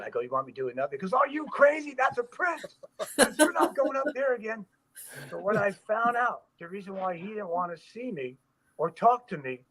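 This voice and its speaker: Animated man telling a stunt story. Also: mid-range voice, rough recording. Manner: animated, acts out quoted voices and screams; loose, repeats himself with frequent fillers. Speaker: stuntman, guest. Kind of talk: storytelling in an interview.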